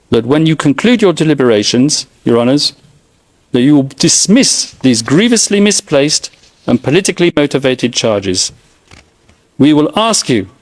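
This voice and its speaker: Middle-aged guy, defence lawyer doing a formal opening in court, emphatic and a bit sarcastic, slightly high voice. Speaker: defence counsel.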